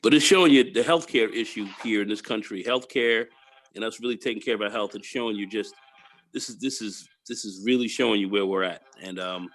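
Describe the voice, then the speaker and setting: A man's voice: fairly low pitch, fairly quick. Casual man in a group chat. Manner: animated, repeats himself, swears casually.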